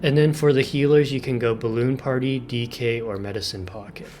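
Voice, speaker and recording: A man's voice: medium pitch, fairly even intonation, brisk, darkish tone. A man hosting a gaming video, explaining team setups in casual commentary and exclaiming with enthusiasm over game details.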